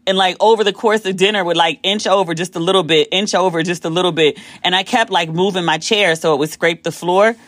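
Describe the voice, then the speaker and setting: An American woman hosts a podcast and tells a rambling, animated story straight to the mic. She swears freely and slips into other people's voices when she quotes them. The sound is dry and close, with no room around her. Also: lowish voice, fairly quick, hardly any pauses, dry recording. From United States. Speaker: podcast host. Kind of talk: casual storytelling monologue.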